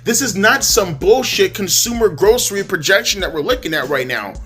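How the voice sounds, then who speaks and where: A man's voice: high-pitched, animated, a little fast, a bit bright. Profane ranting man, faint music behind. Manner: heated, profane, exasperated, repeats words. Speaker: wrestling commentary youtuber. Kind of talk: ranting commentary monologue.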